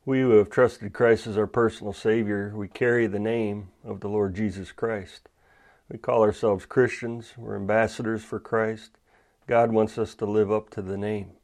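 A male pastor delivers a Bible sermon in a low voice. He tells stories and reads scripture in a measured way, leaning hard on key words. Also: flat delivery, a little mellow. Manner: measured, emphatic scripture reading.

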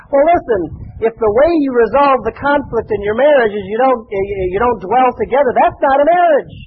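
A man's voice: very high-pitched, expressive, unhurried. Man, pastor, sermon, scripture quotes, faint hiss behind. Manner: preaching with rising fervor, quoting scripture. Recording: tinny phone-like broadcast with faint noise.

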